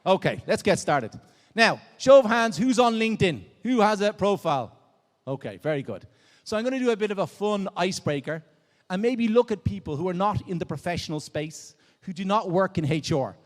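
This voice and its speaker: A man's voice: sits high, animated, fairly quick. Upbeat Irish man in a big hall. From Dublin, Ireland. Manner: upbeat, drawing the crowd in with show-of-hands questions. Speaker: conference keynote speaker. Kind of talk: energetic interactive stage talk. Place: large conference hall on stage. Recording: long reverb of a big hall.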